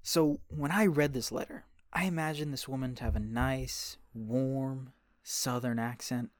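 A man's voice: mid-range voice, fairly even intonation, unhurried, no echo, studio quality. A man narrating a scripted survival story in character, playful and chatty as he talks to his dog and reads out fun facts.

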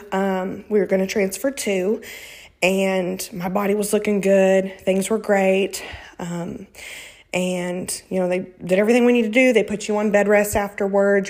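A woman in her thirties casually telling a personal story, acting out what people said. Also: mid-range voice. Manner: animated, quotes people in raised voices.

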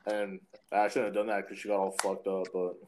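A man's voice: sits low, monotone, fairly quick, a little mellow, slight background noise, poor audio. A man hosting a podcast, chatting casually and swearing freely as he tells rambling stories. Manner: profane storyteller, acts out voices in his anecdotes. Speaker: podcast host. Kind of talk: casual chat.

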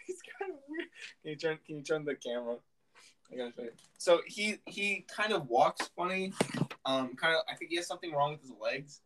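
A man's voice: a little high, lively intonation, a little fast, pushed and bright, distant mic, a little hiss or hum, poor audio. A young man hosting a podcast, telling a story in casual chat and laughing often. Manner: giggly storytelling, frequent laughter. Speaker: podcast host.

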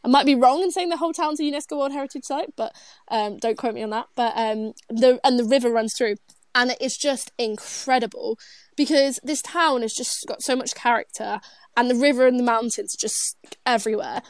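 Chatty British young woman, high voice. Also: fairly quick, dry recording. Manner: chatty, filler-heavy storytelling with many "like"s. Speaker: podcast host. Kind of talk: casual podcast chat.

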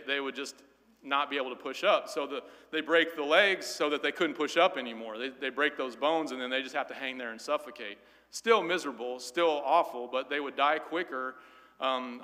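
A man's voice: a little high, sharp tone. A man teaching a Sunday school Bible class in an earnest, emphatic way, often repeating words as he goes. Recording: long hall reverb.

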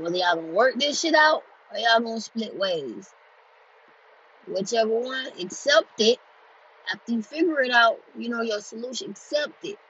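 Woman, blunt and profane, repeats for emphasis; dull lo-fi recording. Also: medium pitch. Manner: grows louder and more forceful as she goes. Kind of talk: candid monologue on healing. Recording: dull lo-fi recording with faint noise.

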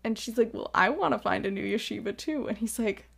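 A woman's voice: a little high, brisk, creaky, breathy edge. A woman co-hosting a podcast, retelling a movie scene by scene in casual chat and acting out the characters' lines. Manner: animated retelling with quoted character lines, frequent laughing. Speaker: podcast co-host.

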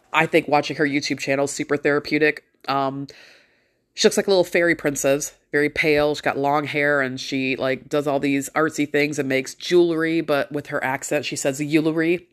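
Female podcast host, deep voice, loose chatty rambler, swears a lot. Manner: rambling, chatty, swears freely, laughs often. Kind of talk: casual chat.

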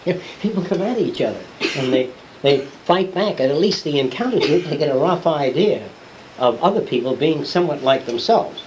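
A man's voice: on the high side, expressive, fairly quick, highs cut off. A man giving an unscripted classroom lecture, blunt and rambling, swearing and acting out the people he quotes. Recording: old lecture tape with hiss.

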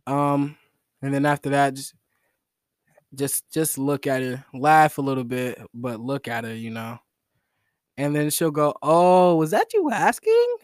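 A man's voice: medium pitch, little pitch movement, measured pace, long pauses, clean tone, dry recording. Young guy rambling alone on his podcast, slangy and joking at himself, dry close sound. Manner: rambling, slangy, self-mocking. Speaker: solo podcast host. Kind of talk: casual joking monologue.

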